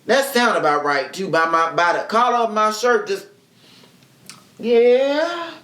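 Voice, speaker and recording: Male podcast host, casual comic storyteller with a swooping, lively voice and plenty of profanity, recorded in an echoey room. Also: high voice, normal speed. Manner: animated, profane, acts out quoted people. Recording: roomy echo.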